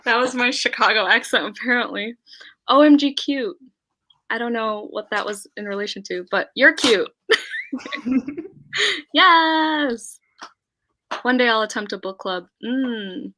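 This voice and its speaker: A woman's voice: on the high side, expressive, measured pace, long pauses, pushed and bright. A young woman hosting a casual livestream chat, giggly and chatty with plenty of swearing. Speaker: livestream host.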